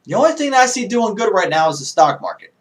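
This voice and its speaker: A man with a notably high voice delivers an emphatic political rant on his own video show. He talks casually but hammers his points, throwing out question after question. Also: big pitch swings, fast talker. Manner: emphatic, ranting, rhetorical questions.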